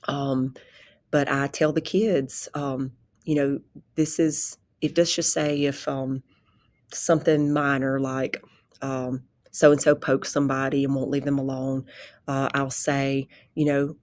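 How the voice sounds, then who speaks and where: A woman who teaches pre-K, talking calmly and conversationally about her classroom, often backtracking and restarting sentences. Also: very deep voice, takes it slowly. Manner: calm, conversational, rambling with restarts. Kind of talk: informal spoken presentation.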